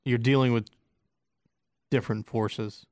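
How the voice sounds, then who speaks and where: Slow, smooth-voiced reflective man. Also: medium pitch, fairly even intonation, darkish tone, dry recording, studio quality. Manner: hesitant, reflective. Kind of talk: casual chat.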